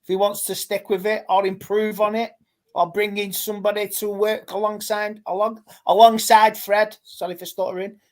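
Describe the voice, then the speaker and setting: A man's voice: high-pitched, flat delivery, brisk. Rambling, stop-start man talking football. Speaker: guest fan pundit. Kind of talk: casual football podcast chat.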